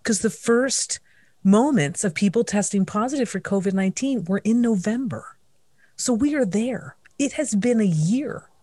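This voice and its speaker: A woman's voice: medium pitch, lively intonation, moderate pace, dark tone, no room sound. A woman interviewing a young person in a casual, playful way, teasing and telling funny stories between questions.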